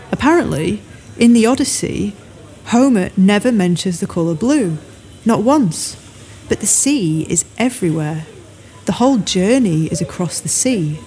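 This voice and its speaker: A woman's voice: medium pitch, warm tone, a little hiss or hum. A woman reading an audiobook, voicing a blunt, teasing adult woman who tells stories. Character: brash chatty adult woman storyteller. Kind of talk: audiobook character voice.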